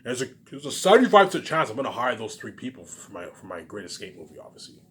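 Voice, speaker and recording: A man's voice: medium pitch, very animated, quick pace, fairly bright tone. A man talking casually in a rambling monologue, filling his talk with "like" and "obviously" and often restarting his sentences. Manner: restarts and self-corrections.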